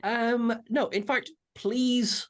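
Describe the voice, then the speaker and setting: A man's voice: very high-pitched, steady tone, drawn-out words, a bit bright. A man co-hosting a casual fan discussion, rambling through self-deprecating asides. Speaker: co-host. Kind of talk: casual chat.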